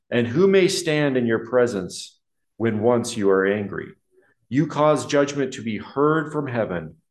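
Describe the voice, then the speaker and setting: A male pastor gives an expository sermon, reading scripture and explaining it with earnest emphasis. He slows down to stress key words and sinks into a quieter, reflective tone at times. His mid-range voice carries the roomy echo of a church hall. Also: mid-range voice. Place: church hall with a projection screen. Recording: roomy, echoey hall sound.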